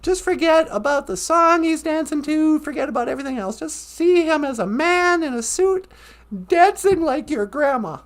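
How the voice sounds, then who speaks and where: A woman hosting a live-stream podcast in casual chat, laughing often and reading lines slowly and dreamily. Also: high voice, animated. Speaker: podcast host.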